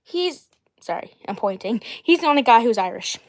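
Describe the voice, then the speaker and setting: A young woman in her twenties chats loosely about her doll collection on a livestream. Her voice sits a little high. She rambles, restarts her sentences and clears her throat often. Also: expressive, moderate pace. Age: 20s. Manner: rambling, self-correcting, frequent throat clearing. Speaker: doll series creator. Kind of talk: casual livestream chat.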